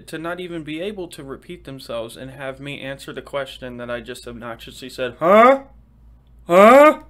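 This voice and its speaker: A young man hosting a casual solo podcast, talking fast and swearing casually as he chats. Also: mid-range voice, a bit bright. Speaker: podcast host.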